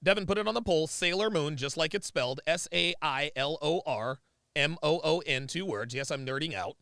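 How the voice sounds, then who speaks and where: A man hosting a livestream, reacting to a video in loud, excitable commentary and repeating himself. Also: a little high, brisk, dry recording, studio quality.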